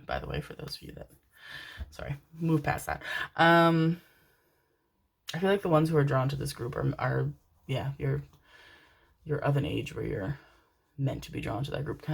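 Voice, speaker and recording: Low-voiced chatty woman reading tarot. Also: gravelly. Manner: rambling, chatty, laughs and swears. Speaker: tarot card reader. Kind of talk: casual pick-a-card reading.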